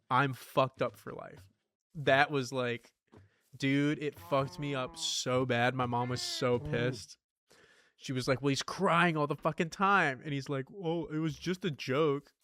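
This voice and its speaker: Playing a game, a young man in his streamer role tells a meandering, casual story full of curse words and "dude." His voice is medium in pitch and fairly bright.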